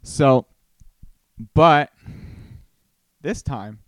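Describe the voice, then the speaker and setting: A man's voice: on the high side, extremely slow, no room sound, studio quality. A man from Costa Rica hosting a casual solo podcast, telling rambling stories with many restarts. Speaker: podcast host.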